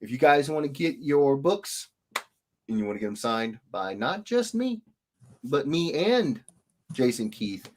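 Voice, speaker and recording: A man hosts a relaxed livestream, chatting casually with viewers. His voice leaps up and down all the time, and he greets each commenter in a playful sing-song. He sounds animated and chatty. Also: medium pitch, a little slow, slight background noise. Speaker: livestream host, illustrator.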